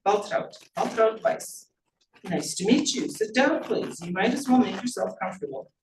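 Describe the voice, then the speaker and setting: A woman's voice: medium pitch, lively intonation, normal speed, slight background noise, voice pushed up, natural voice. A woman voicing a timid, polite young schoolgirl. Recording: roomy, distant mic.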